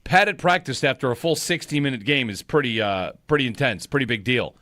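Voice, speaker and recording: A man's voice: mid-range voice, fairly quick, no room sound, clean studio sound. A man hosting a sports talk radio show, chatting about football and reading the call-in number. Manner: lively, reads station promos and call-in number.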